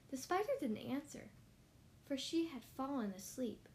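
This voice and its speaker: A woman hosting a children's book podcast, reading a picture book aloud with gentle, slow storytelling and chatty asides. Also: high voice, expressive.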